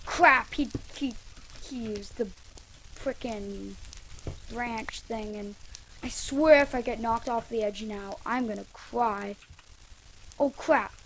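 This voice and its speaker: High, excitable woman narrating gameplay over loud clicks. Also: takes it slowly, pauses often. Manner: chatty and rambling, breaking into excited yells. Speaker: gaming channel host. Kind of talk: live gameplay commentary. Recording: loud noise and mouse clicks.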